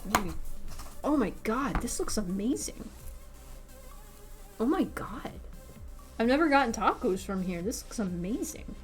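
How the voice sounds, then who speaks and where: A woman's voice: fairly high pitch, measured pace, pauses often. Chatty woman streamer, faint music behind. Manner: chatty, excitable, talks while eating. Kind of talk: casual livestream chat. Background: faint background music.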